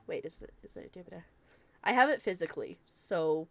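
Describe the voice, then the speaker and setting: A woman's voice: fairly low pitch, expressive, normal speed, music in the background. A young woman with the hiccups, chatting casually and laughing often while streaming a video game. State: has the hiccups. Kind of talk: casual gameplay chat.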